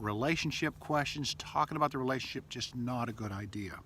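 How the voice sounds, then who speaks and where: A man's voice: mid-range voice, brisk, fairly bright tone, breathy edge. A man giving relationship advice as a coach, talking loosely with fillers and acting out sample texts. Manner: conversational, loose, with frequent fillers and acted-out text examples. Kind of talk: casual advice video to camera.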